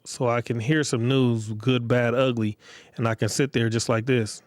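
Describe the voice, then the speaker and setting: A man's voice: mid-range voice, fairly even intonation, moderate pace, no echo. Host, male, blunt repetitive lecturing delivery, dry close-mic sound. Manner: blunt, repetitive, street slang, addresses listeners directly. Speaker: podcast host. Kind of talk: casual monologue podcast.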